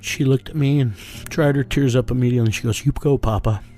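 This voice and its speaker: A middle-aged man telling a personal story in an interview, slow, earnest and plain-spoken. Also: medium pitch, fairly even intonation, warm tone, faint music behind. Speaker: interview guest. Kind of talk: reflective storytelling.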